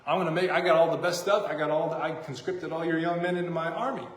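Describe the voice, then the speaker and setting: A man's voice: fairly high pitch, steady tone, fast, lightly acted. A man putting on the voice of a proud, swaggering king, bragging in a cocky tone, heard in an echoey church hall. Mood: boastful.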